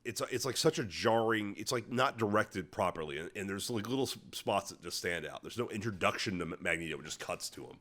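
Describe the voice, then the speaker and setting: A man's voice: on the low side, animated, brisk, few pauses, a bit bright. A young man co-hosting a podcast in casual chat, rambling with lots of restarts. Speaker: podcast co-host.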